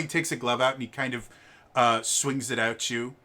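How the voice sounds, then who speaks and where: A man's voice: medium pitch, level tone, fairly quick, pushed and bright. A man narrating as game master in a tabletop game, stammering with many fillers.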